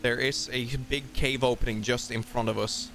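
A man hosting a casual co-op gameplay video, chatty and quick to exclaim. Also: medium pitch, steady tone, pushed and bright, a little hiss or hum. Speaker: gaming channel host.

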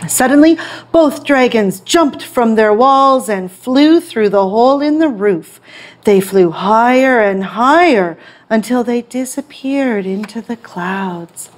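Woman storytime teacher reading a picture book; slow, clear, expressive. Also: on the high side. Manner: expressive, clear read-aloud.

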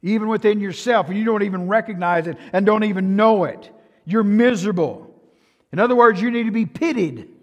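Older texan preacher guy, fired up then hushed, high voice, big churchy reverb. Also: a little fast, lo-fi sound. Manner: impassioned, swings from hushed to loud, repeats words. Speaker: pastor. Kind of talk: sermon. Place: church sanctuary. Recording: long church hall reverb.

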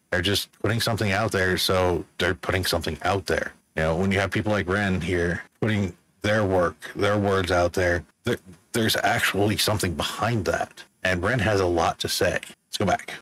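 A man with a fairly low voice talks over a music reaction in a relaxed, unscripted way. He stops the track often to think aloud and explain what he hears. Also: no room sound, low-quality recording. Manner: thoughtful, explains as he goes. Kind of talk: casual reaction commentary.

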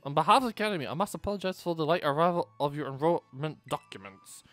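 A man's voice: on the high side, expressive, fast talker, a bit bright, no room sound, soft background music. Man reading as a formal, courteous school director. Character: formal, polite male academy director. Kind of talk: reading game dialogue aloud.

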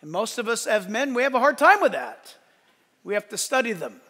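A male pastor preaching a sermon in a church, swinging between loud emphatic lines and hushed asides. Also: extremely high pitch, sing-song, fairly quick, breathy edge. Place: church sanctuary. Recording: long church hall reverb.

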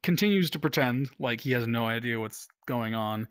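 A man's voice: mid-range voice, animated, normal speed, smooth, dry recording. A man from the United States, a Coast Guard veteran, casually telling stories full of "like" and "um" fillers, laughing now and then. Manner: rambling, heavy use of "like" and "um" fillers. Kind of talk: casual storytelling.

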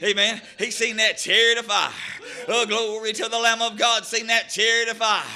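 A man preaching a fervent sermon, breaking into shouted exclamations. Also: high-pitched, level tone, moderate pace.

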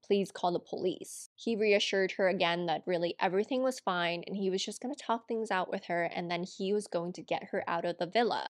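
A woman's voice: mid-range voice, no echo. Dry-voiced woman narrating true crime. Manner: conversational, with personal asides.

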